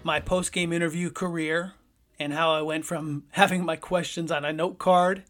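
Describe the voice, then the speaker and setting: A man hosting a podcast, telling a personal story in a lively, conversational way. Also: a little high, moderate pace, soft background music. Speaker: podcast host.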